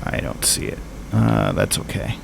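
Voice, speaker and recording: A man's voice: on the low side, fairly even intonation, measured pace, vocal fry, background noise. A man streaming a flight simulator, thinking aloud in casual, rambling commentary.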